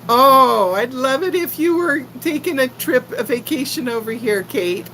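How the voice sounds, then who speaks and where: A woman's voice: sits high, moderate pace, a little hiss or hum, low-quality recording. An older woman from Texas with a faint Texan accent, chatting casually and giggling with viewers on a livestream. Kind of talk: casual live chat.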